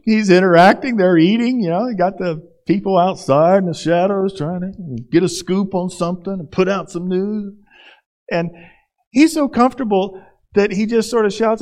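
A male pastor gives a conversational sermon with a fairly high voice. He acts out the scenes he tells as he goes. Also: normal speed, darkish tone.

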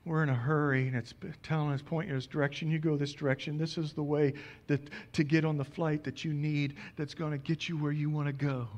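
A man in his forties, a pastor preaching a sermon, telling a lively personal story and acting out the dialogue. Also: fairly high pitch, fairly quick, hardly any pauses.

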